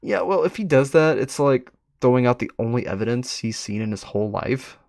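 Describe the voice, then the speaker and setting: A man's voice: medium pitch, expressive, brisk, a little mellow, no room sound, studio quality, lightly acted. A man voicing a chipper young man who teases his friend. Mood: teasing.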